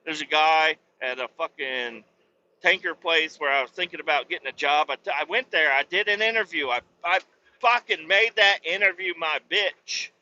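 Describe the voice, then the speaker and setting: A man's voice: fairly high pitch, normal speed, muffled recording. Foul-mouthed man ranting on a headset. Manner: swears constantly, rants loudly. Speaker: podcast host. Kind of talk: profane rambling monologue. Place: driving a truck.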